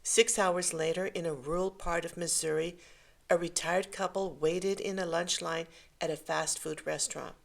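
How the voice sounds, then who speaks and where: A woman reading a short story aloud in a gentle, measured way. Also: lowish voice, fairly even intonation, gravelly. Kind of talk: scripted story narration.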